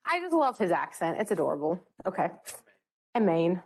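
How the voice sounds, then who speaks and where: A woman's voice: fairly low pitch, big pitch swings, quick pace, breathy edge. A young woman leading a chemistry study session in a bubbly, joking way. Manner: bubbly, joking, self-mocking. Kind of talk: classroom teaching.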